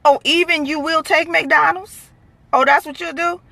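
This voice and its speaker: A woman acting out a pleading mother of four who is insistent and a little indignant, raised above her usual pitch. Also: moderate pace, bright, forceful tone, no echo.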